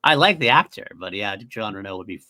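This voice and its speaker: A man co-hosting a podcast, talking casually in a rambling, animated way and often correcting himself mid-sentence. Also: fairly low pitch, fairly quick. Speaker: podcast co-host.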